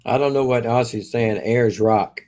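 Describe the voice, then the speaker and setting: A man's voice: mid-range voice, normal speed, darkish tone. A man co-hosting a live stream, chatting easily, laughing often and reading out viewer comments. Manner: easygoing, laughs often, reads chat aloud. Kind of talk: casual chat.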